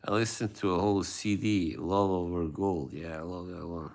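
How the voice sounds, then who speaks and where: A man's voice: deep voice, steady tone, normal speed, creaky, darkish tone. A man hosting a livestream, rambling in casual chat with his viewers and laughing often. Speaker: livestream host.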